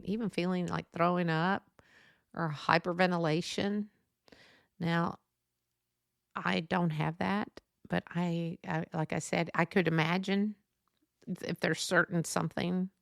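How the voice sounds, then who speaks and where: Chatty woman with a gravelly voice. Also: lowish voice, a bit bright, no room sound, clean studio sound. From Texas. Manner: chatty, rambling, frequent fillers and laughs. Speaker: podcast host. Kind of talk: casual solo podcast monologue.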